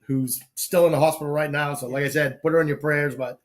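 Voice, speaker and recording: This Boston-born talk-show host talks a little fast, his voice on the high side, as he tells casual stories. Animated and heavy on salty slang, he acts out every line of quoted dialogue.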